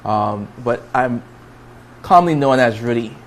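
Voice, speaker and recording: A man being interviewed on a talk show, answering in a calm, measured way. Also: medium pitch. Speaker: guest, political candidate. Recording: light background noise.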